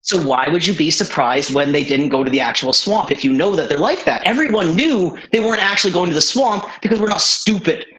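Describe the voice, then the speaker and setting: Male debate guest, husky, very animated pitch, repetitive and badgering. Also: brisk, hardly any pauses, rough recording. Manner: badgering, repeats the same question over and over. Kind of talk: heated argument.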